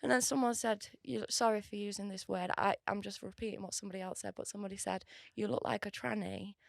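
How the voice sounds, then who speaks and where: A woman's voice: medium pitch, fairly even intonation, quick pace, gravelly, no room sound, studio quality. A woman, a guest on a comedy podcast, talking candidly and giggling between stories. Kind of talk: casual comedy chat.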